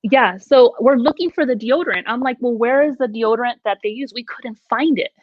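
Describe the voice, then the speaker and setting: A woman's voice: a little high, fairly quick, no room sound. Woman telling a ghost story, muffled dry sound. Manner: animated, acts out quoted lines. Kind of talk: casual storytelling chat. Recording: dull, dry lo-fi audio.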